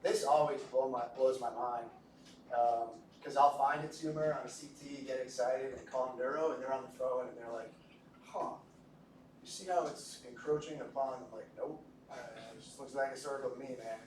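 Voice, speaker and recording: A man's voice: mid-range voice, steady tone, normal speed. A man giving a medical lecture to a class, casual and joking, often asking the students questions. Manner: jokey, conversational, asks the class questions. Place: lecture room. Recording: echoey room from a distance with faint noise.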